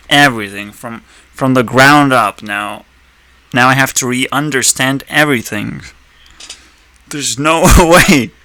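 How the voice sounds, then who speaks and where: Male reaction commentator: unhurried delivery, rambling and profane, laughs a lot. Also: mid-range voice, pushed and bright. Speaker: video commentator.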